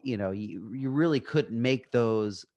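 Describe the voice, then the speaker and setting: Man, interview host, plainspoken, casual, mid-pitched voice. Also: a little slow, darkish tone, highs cut off. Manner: plainspoken, chimes in with opinions.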